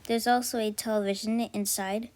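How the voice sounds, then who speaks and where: A woman narrating a first-person story aloud in an amateur way, halting often and correcting herself mid-sentence. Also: mid-range voice, little pitch movement, a little mellow. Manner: halting, frequent self-corrections. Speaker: story reader.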